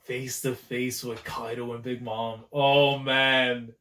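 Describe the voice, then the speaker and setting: Excitable man reacting to a manga chapter. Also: mid-range voice, takes it slowly, a little hiss or hum. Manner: excitable and slangy, with frequent exclamations. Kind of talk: live reaction commentary.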